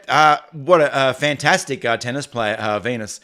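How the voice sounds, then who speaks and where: Halting Australian man hosting a livestream. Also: mid-range voice, pushed and bright. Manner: halting, often restarts and repeats phrases. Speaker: livestream host. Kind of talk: casual livestream chat, reading viewer comments.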